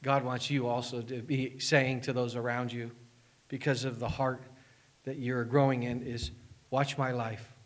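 A man's voice: medium pitch, level tone, normal speed. A man pastor preaching a sermon, asking his congregation one earnest question after another.

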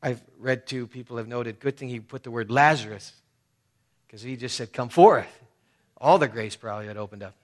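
Man preaching, soft to loud. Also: mid-range voice, steady tone, fairly quick. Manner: preaching through scripture, swinging between soft and loud. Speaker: pastor. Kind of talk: sermon.

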